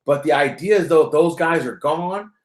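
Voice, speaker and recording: A man hosting a live call-in stream talks in a loose, rambling, joking way. His voice sits a little high for a man and rings in a roomy space. His casual chat jumps between reading news items and bantering with callers. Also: moderate pace. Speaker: host of a live call-in currency show. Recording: roomy echo.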